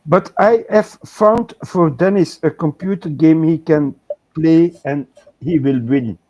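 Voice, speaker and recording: A man's voice: fairly high pitch, slow pace, a little mellow, dull audio. A man co-hosting a casual livestream, patiently talking someone through painting step by step. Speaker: co-host of a painting chat show. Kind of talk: casual livestream chat while coaching painting.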